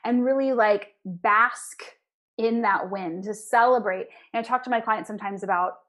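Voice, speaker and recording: A woman dietitian, a guest in a casual interview, who talks with quick bursts of enthusiasm. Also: mid-range voice, a bit bright.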